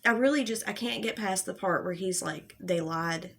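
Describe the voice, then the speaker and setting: A woman's voice: mid-range voice, a little fast, creaky, slightly rough. A young adult woman giving an angry, profane commentary rant, exasperated and sarcastic. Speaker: commentary YouTuber.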